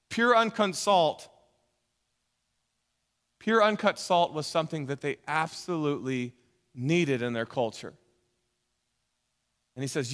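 A man's voice: high voice, pushed and bright, long reverb tail. A man preaching a conversational sermon as pastor, emphatic, with joking asides.

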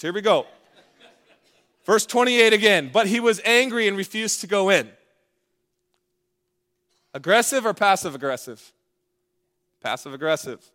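A man's voice: high-pitched, fairly bright tone. A man preaching a sermon in a playful, conversational way, with asides to the congregation. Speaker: pastor.

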